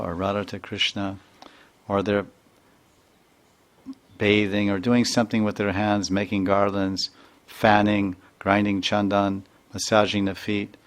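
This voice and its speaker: A man, a spiritual teacher, telling a devotional story in an earnest sermon with many repetitions. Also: lowish voice.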